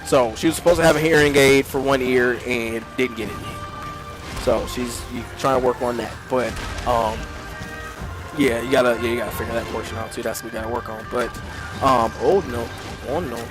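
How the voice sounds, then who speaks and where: A man's voice: medium pitch, normal speed, poor audio. A man telling a story while playing a game, acting out the people he quotes. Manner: animated storytelling with mimicked quotes. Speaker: gaming streamer. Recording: game music in background.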